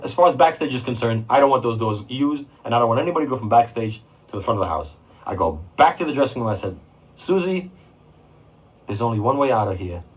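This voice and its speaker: Fields: Sex: man. Quality: husky, animated. Role: concert promoter telling a profane anecdote. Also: medium pitch, fast, few pauses, rough recording. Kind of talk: recorded anecdote.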